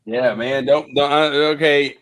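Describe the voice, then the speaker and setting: A man's voice: medium pitch, fairly even intonation, unhurried, a bit bright. A man co-hosting a casual talk show, rambling and joking with many fillers. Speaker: podcast co-host. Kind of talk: casual chat.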